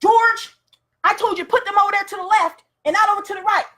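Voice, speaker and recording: A man's voice: extremely high pitch, fairly even intonation, quick pace, sharp tone, pitched above the performer's own voice. A woman voicing a bossy male workplace boss who barks repeated orders at an employee. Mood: nagging.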